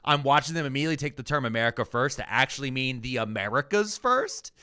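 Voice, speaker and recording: A man's voice: mid-range voice, expressive, fast talker, pushed and bright, smooth. A man co-hosting a podcast, ranting with profanity in casual news commentary. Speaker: podcast co-host.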